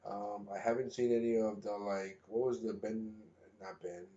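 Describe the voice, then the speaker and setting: A man's voice: on the low side, fairly even intonation, normal speed, warm tone. Joking man in a roomy lo-fi room. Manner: joking, riffs with mock voices. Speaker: podcast co-host. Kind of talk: casual comedic chat. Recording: roomy, dull lo-fi sound.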